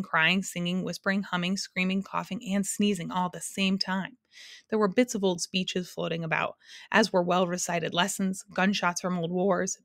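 A woman narrating a storybook aloud, expressive and lingering over words. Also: on the low side, dry recording, studio quality. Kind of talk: audiobook narration.

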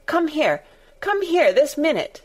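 A woman's voice: medium pitch, very animated, extremely slow, bright, forceful tone, exaggerated voice. A woman voicing an imperious, proud young boy who gives commands in a raised, haughty voice. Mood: furious.

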